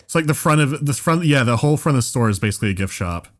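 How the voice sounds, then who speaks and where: Man, podcast storyteller, mid pitch; rambly, self-interrupting, escalating energy. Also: racing. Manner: rambling, restarts often, builds to excited animated retelling. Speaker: podcast co-host telling a story. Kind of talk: casual comedic storytelling. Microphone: podcast microphone.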